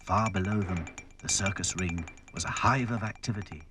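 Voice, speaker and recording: A man narrating a children's cartoon story in a gentle, unhurried way, with music underneath. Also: low-pitched.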